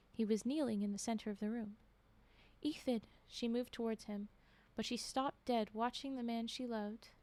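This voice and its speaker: A woman's voice: on the high side, a little mellow. A woman reading horror stories aloud on a stream, often breaking off to react and comment.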